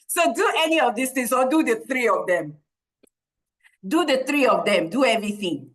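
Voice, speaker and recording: A woman coaching children in a lively online workshop, enthusiastic, repeating her praise and laughing often, heard over a video call. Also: fairly high pitch, normal speed.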